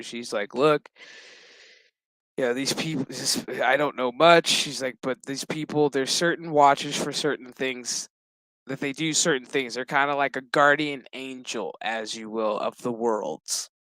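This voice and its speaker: A man's voice: mid-range voice, moderate pace, a bit bright, dry recording, poor audio. A man casually retelling a TV episode, crude and joking, chuckling as he acts out the characters' lines. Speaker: show recap host. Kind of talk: casual profane episode recap.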